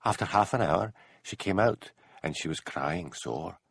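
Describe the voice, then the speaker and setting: Cocky Highland schoolboy with a broad Scottish accent, played by a man, swaggering. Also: lively intonation, unhurried, gravelly, slightly rough, no room sound, studio quality, exaggerated voice. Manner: boastful, broad dialect.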